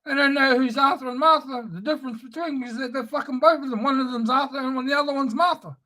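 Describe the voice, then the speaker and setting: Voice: high voice, quick pace, bright, forceful tone. A speaker delivering an angry, profane, sneering spoken-word rant.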